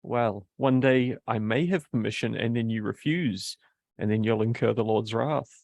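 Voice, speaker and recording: A man's voice: lowish voice, normal speed, creaky, darkish tone. A man at a tabletop game, speaking cheekily and bargaining. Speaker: player. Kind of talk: casual tabletop game chat.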